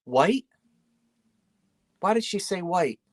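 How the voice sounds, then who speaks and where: An online antiques auction host, she presents a live sale from a decorated living room in a fairly low voice with lively intonation, taking her time. She chats in a folksy way, drifting off mid-sentence and circling back as she shows each item.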